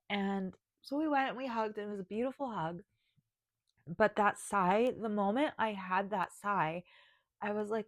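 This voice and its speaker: Tearful and emotional, a woman who creates videos as a spiritual guide speaks to camera about her path, sighing and restarting as she chokes up. Her medium-pitched voice is unhurried, captured in a dry, clean studio recording.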